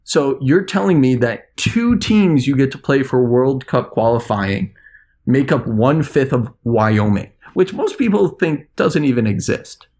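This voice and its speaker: Gravelly, animated ranting man. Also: mid-range voice, unhurried. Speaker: international correspondent. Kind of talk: podcast chat.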